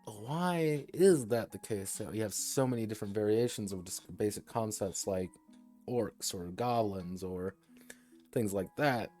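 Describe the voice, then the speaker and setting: A man with a fairly low voice talks through game design ideas on a casual livestream. He rambles and digresses, thinking aloud as he goes. Faint music plays softly behind him. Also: a little slow. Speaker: tabletop game designer and streamer.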